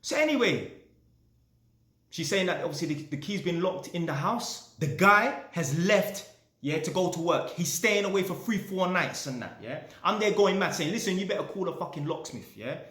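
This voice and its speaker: A man's voice: high voice, lively intonation, normal speed, a bit bright, roomy sound. A man telling a story casually, swearing often and ending lines with "yeah?". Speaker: vlogger.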